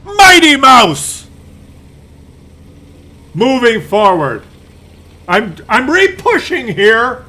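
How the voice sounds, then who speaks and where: A man voicing a stubborn, defiant German tank driver who yells his boasts in a drawn-out way. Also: very high-pitched, animated, slight background noise, voice pushed up, heavily acted. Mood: triumphant.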